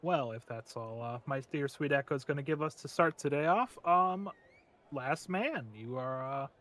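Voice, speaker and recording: A man acting as game master for an online tabletop session. He is playful and a little rambling. His voice sits at a middle pitch. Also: lively intonation, moderate pace, a bit bright.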